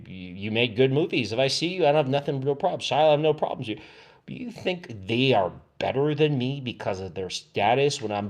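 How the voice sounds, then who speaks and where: Male streamer, mid-pitched, rambling and agitated, with many false starts. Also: a little mellow. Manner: agitated, repetitive, restarts often. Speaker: livestreamer. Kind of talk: rambling livestream monologue.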